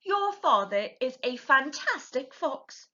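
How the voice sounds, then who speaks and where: A woman voicing an adult female fox, a tender, fearful mother, in a high and soft storybook voice with a dull lo-fi sound. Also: big pitch swings, slow, full character voice. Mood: proud.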